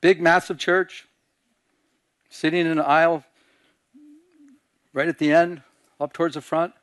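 A male pastor preaching a sermon, animated, acting out scenes in quieter voices. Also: fairly high pitch, a little slow, no echo. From Michigan.

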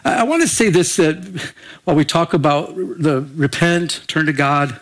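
A man's voice: fairly high pitch, moderate pace. An older man preaching a sermon as pastor, in a conversational way, calling for amens and often restarting his sentences. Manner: conversational, repeats and restarts, asks the room for amens.

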